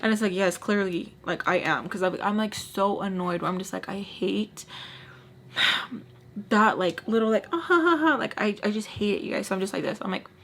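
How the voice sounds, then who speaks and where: A young woman tells a story in a chatty, exasperated way and leans on "like" as she talks. Her voice sits at an ordinary mid pitch, with faint room ambience behind it. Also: fairly even intonation, normal speed, a bit bright, slight background noise. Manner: chatty, exasperated, heavy on "like", slips into Spanish phrases. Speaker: storytime vlogger. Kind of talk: casual storytelling.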